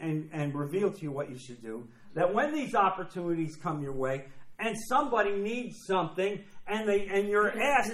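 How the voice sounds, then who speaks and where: A man preaching a sermon emphatically, repeating phrases and acting out quoted voices. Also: high-pitched. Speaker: pastor. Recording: echoey room.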